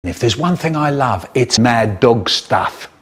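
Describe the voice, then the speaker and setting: An older man reading a children's story aloud in a theatrical, expressive way, jumping into high squeaky voices for the characters and stretching words for effect. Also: a little slow, breathy edge. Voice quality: expressive, voices the characters with big pitch jumps. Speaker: storyteller in a spliced comedy edit.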